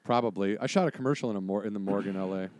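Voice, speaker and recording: Animated storytelling man, fairly low voice. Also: very fast, dry recording. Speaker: guest telling a story. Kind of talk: casual storytelling chat.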